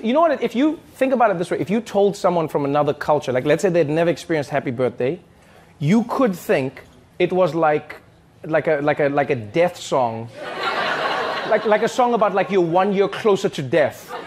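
A man's voice: high-pitched, a little hiss or hum. A young man from Africa, telling comedic stories in a monologue, acting out voices and laughing often. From South Africa. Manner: animated, acts out voices and sings bits, laughs often.

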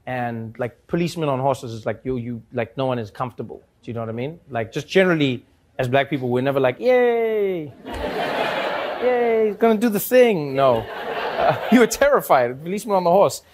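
A man from Africa, telling funny stories in an animated way, laughing often. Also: medium pitch, fast, noisy background. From South Africa. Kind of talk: casual comic storytelling.

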